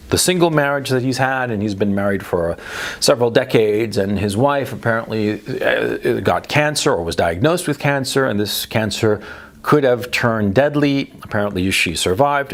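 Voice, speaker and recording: A man delivering a blunt, emphatic, profane monologue to the camera as a video commentator. He swings between low muttering and sharp, higher emphasis. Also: gravelly.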